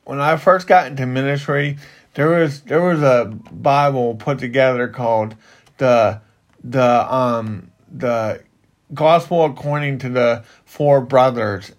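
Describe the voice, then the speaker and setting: A man who works in ministry, explaining a Bible passage in casual, rambling talk with frequent restarts. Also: medium pitch. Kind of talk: casual Bible study chat.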